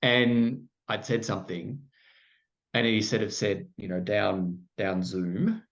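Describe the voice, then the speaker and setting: A man's voice: lowish voice, fairly even intonation, slow pace. A middle-aged Australian man candidly telling his story in conversation, full of "like" fillers and self-deprecating asides. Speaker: podcast guest. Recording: muffled lo-fi sound.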